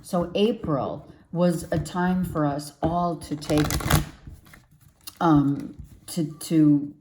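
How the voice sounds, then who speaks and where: Tarot lady doing an emotional pep talk, low voice, slow and easy. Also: mellow, a little hiss or hum. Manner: earnest and encouraging, emotional. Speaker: tarot reader. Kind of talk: casual spiritual pep talk to camera.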